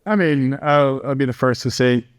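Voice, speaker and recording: Smooth-voiced male podcast host. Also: medium pitch, moderate pace. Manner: rambling, hesitant, many fillers. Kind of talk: casual interview chat.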